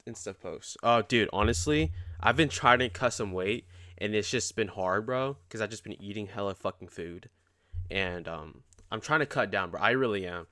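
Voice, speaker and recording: A man's voice: fairly low pitch, fairly bright tone, dry recording. A young man chatting casually on a day-trading live stream, rambling in slang with lots of restarts and swearing.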